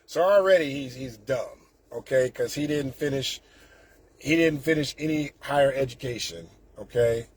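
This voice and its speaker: A man's voice: mid-range voice, moderate pace, a little hiss or hum. A man, ranting indignantly and sarcastically as a political commentator, with frequent restarts. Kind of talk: casual political rant.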